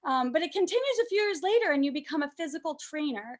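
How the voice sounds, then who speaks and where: Brief: young woman from canada, high voice, stand-up set, self-deprecating, lots of ums. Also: lively intonation, quick pace, hardly any pauses. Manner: self-deprecating, fillers like um, high sing-song put-on voices for baby talk. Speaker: stand-up comedian.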